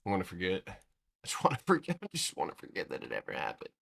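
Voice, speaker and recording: A man's voice: deep voice, big pitch swings, rapid-fire, vocal fry, fairly bright tone, a little hiss or hum. A man from the United States hosting a trading livestream in loose, slangy chat, swearing and laughing often.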